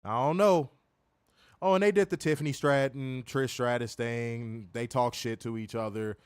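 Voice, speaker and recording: On a wrestling review show, a loud co-host swaps profane stories in casual, loose conversation, frequently breaking into laughter. His medium-pitched voice is smooth with fairly even intonation at normal speed, captured dry with clean studio sound.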